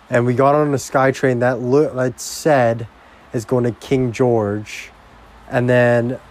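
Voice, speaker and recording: A young man delivers a loose, profane vlog rant. He speaks slowly at a mid pitch, and his thoughts wander and restart. He swears freely and casually. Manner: rambling, heavily profane, slow-paced. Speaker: vlogger.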